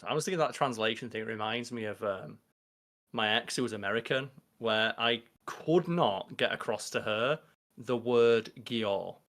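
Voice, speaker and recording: A man's voice: mid-range voice, moderate pace, fairly bright tone. A man with a Liverpool accent co-hosting a podcast in casual chat, telling rambling, jokey stories. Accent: Liverpool (Scouse). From England. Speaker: podcast co-host.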